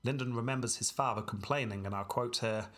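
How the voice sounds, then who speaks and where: A man's voice: medium pitch, a little fast, a bit bright. A man co-hosting a podcast, casually narrating history with a dry, wry humor and frequent laughs. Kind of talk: casual storytelling chat.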